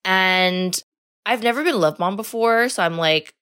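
A woman's voice: fairly low pitch, takes it slowly, a bit bright, smooth. Chatty young woman telling a story. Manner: chatty, lots of "like" and "you know", swears freely. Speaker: podcast host. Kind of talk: casual storytelling monologue.

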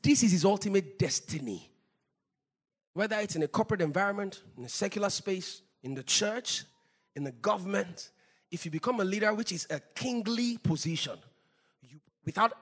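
Husky, fiery preacher man. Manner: impassioned preaching, swinging between low intensity and loud shouting; speaks in tongues between points. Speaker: pastor. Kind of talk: sermon.

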